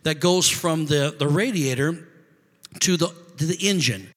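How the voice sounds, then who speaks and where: Man quoting a calm, knowing stranger. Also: fairly high pitch, a little slow, big-room sound. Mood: assured.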